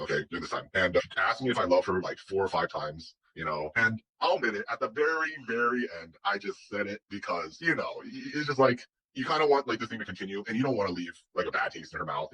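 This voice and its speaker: Man, casual rambling storyteller, many restarts, fast, raspy. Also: on the low side, pushed and bright, rough recording. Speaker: guest telling his story.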